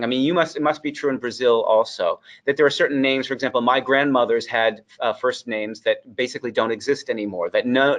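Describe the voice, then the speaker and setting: Unhurried American man lecturing, thoughtful. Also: medium pitch, a bit bright. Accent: General American, faint Boston traces. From Boston area, United States. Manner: thoughtful, many ums and uhs, slows on key terms. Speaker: lecturer on English usage. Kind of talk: lecture to English teachers.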